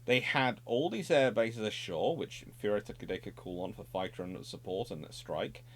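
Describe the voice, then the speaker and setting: A man's voice: fairly low pitch, moderate pace. A middle-aged man presenting naval history in an unscripted, discursive explanatory monologue. He corrects himself often and adds wry asides.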